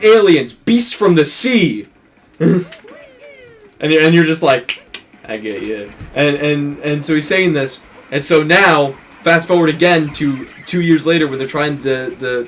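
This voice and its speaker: A man's voice: a little high, fairly bright tone. A man co-hosting a let's play, casually retelling a film plot in a rambling way, with many restarts and acted-out quotes.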